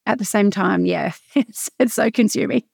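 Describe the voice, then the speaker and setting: A woman's voice: medium pitch, normal speed, creaky, a little mellow, husky, no echo, studio quality. A woman co-hosting a parenting podcast in a casual, chatty way with lots of fillers. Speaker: podcast co-host; mother of school-age kids. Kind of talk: casual chat.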